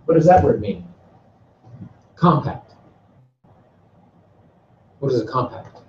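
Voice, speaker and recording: A man's voice: mid-range voice, lively intonation, quick pace, warm tone, slight background noise. Man teaching in an echoey classroom. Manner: repeat-after-me drilling, stretched-out words. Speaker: Greek teacher. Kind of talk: classroom lecture. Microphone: far from the mic. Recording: distant, roomy, dull classroom recording.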